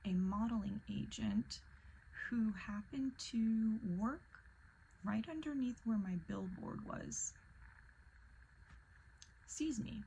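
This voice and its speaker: A young woman telling a personal story in casual vlog style, animated and full of fillers, often dropping into breathy whispers. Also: a little high, takes it slowly, pauses often, a little hiss or hum, poor audio. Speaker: vlogger.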